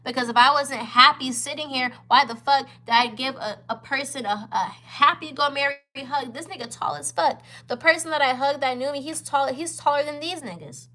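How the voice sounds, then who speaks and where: A woman's voice: high voice, moderate pace, hardly any pauses, sharp tone. A woman in her twenties, a vlogger telling a heated, profane storytime to camera, upset and near tears. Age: 20s. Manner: heated, profane, emphatic retelling.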